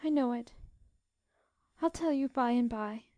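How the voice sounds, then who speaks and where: Brief: woman reads a gentle, tearful teenage girl in an audiobook, high and quiet, dry close sound. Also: a little slow, no echo, dull audio, lightly acted. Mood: soft weary. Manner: soft, sobbing, pleading. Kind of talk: audiobook narration.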